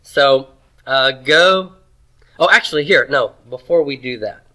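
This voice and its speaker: A man teaching a Hebrew grammar lesson, asking questions and answering them himself, and sounding out words slowly. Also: medium pitch, bright, forceful tone. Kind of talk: classroom lecture.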